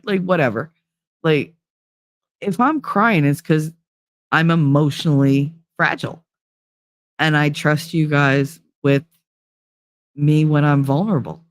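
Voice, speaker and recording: A woman's voice: low voice, no echo, studio quality. Blunt, emotional woman livestreamer. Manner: blunt, profane and emotionally open. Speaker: livestream host. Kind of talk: casual livestream chat.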